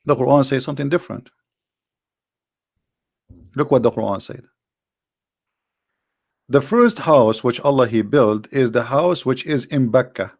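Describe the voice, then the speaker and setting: A man's voice: mid-range voice, unhurried, creaky, long pauses. A man with giving a combative religious talk, firing rhetorical questions in a mocking tone. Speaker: Christian apologetics presenter.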